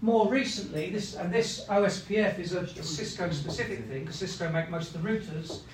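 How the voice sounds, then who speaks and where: A man's voice: high voice, fairly quick, echoey room, slight background noise. A man teaching a classroom lesson, explaining step by step, often checking in with "right?" and acting out what machines say. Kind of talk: classroom lecture.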